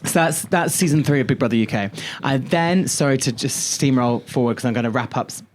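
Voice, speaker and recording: A man co-hosting a podcast in a studio, telling stories in an animated, casual way and swearing freely. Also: medium pitch, brisk, a little hiss or hum. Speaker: podcast co-host. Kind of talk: casual chat.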